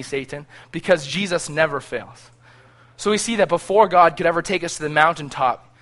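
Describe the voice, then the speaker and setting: A man preaching a sermon, reading scripture aloud and growing loud on the prayers, with frequent restarts. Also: on the high side. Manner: frequent restarts and repeated words.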